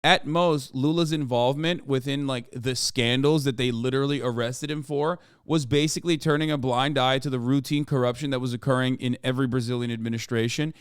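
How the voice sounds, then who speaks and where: A man's voice: medium pitch, steady tone, brisk, few pauses, smooth, no room sound, studio quality. A man ranting sarcastically and profanely through political commentary on a livestream. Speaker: streamer.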